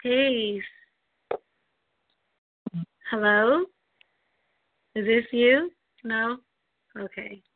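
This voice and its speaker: A woman's voice: fairly high pitch, extremely slow, pauses often, no echo. A woman hosting a community call, chatting loosely and laughing often over tinny call audio. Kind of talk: casual online call hosting. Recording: tinny phone-line audio.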